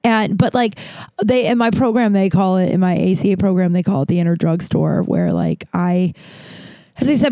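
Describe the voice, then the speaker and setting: A woman's voice: lowish voice, mellow, no room sound, clean studio sound. A woman hosting a podcast, talking frankly and rambling about her personal life, with many restarts and casual swearing. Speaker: podcast host. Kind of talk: candid personal podcast monologue.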